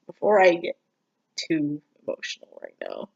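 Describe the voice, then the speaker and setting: A vlogger talks through a casual personal update at a middling pitch. The delivery is subdued and halting, with frequent pauses and fillers. The recording sounds dull and lo-fi. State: struggling emotionally, near tears.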